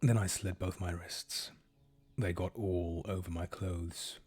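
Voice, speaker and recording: Brief: male streamer reading aloud, deadpan delivery, slow and very low. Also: husky. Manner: deadpan, unhurried, low-key. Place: home streaming setup.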